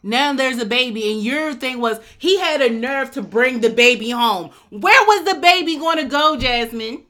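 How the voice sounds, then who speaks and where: A woman co-hosting a podcast in casual, animated chat, quick to argue and laugh. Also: high voice. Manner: animated, argumentative, laughs often. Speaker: podcast co-host.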